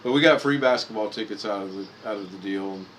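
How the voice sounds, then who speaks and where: This Indiana man in his fifties talks fast in a lowish, fairly bright voice as he livestreams rambling personal stories, often restarting and correcting himself. The audio is poor, with a little hiss or hum underneath.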